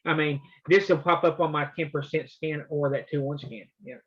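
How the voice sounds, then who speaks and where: A man's voice: a little high, steady tone, normal speed, a bit bright, lo-fi sound. A man coaching trading in a loose, conversational way, walking through his charts. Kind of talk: casual live coaching session.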